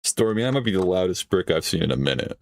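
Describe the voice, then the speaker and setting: Low-voiced man streaming reactions. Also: sing-song, quick pace, gravelly, slight background noise. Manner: laughing, swearing, offhand. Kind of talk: casual reaction commentary.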